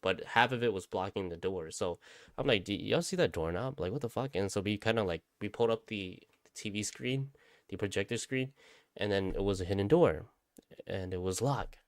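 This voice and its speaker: A man's voice: on the low side, normal speed, no echo, studio quality. A man casually telling a spooky story, rambling, repeating himself and swearing often. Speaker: vlogger.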